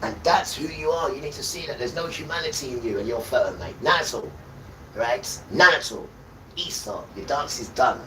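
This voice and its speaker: Brief: male livestreamer, preachy and scolding, hurls insults on repeat, mid-pitched voice, mic set well back with heavy background noise. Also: fairly quick, few pauses, recorded from a distance. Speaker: livestream host. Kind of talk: ranting sermon-like monologue.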